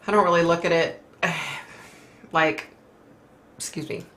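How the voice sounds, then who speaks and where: A woman's voice: on the low side, fairly even intonation, a little slow, a bit bright. A middle-aged woman hosting a casual live stream, talking in an emotional, rambling way with sighs and fillers. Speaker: host reading viewer comments.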